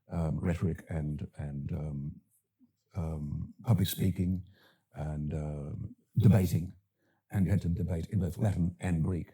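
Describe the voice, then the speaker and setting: An older Australian man, an actor and director, talking as a podcast guest in a thoughtful, halting way with many fillers and restarts. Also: deep voice, warm tone, husky. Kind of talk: podcast interview.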